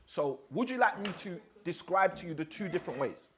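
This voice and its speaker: A man's voice: high-pitched, animated, brisk, a bit bright. A man, a father of six, leading an interactive teaching session and asking his audience questions. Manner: asks the audience questions often.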